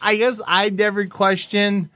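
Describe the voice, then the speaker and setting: Man, podcast co-host, fairly high voice, joking, relaxed chat. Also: measured pace. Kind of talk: casual chat.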